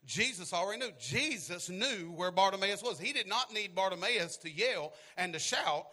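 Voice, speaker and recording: A man preaching a sermon, repeating phrases and building to shouted, half-sung climaxes. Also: sits high, lively intonation, normal speed. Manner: drops to a hushed, quiet voice at times.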